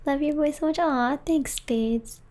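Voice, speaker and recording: A woman streamer reading a story and chatting in a soft, playful whispered role-play, close to the mic. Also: sits high, unhurried.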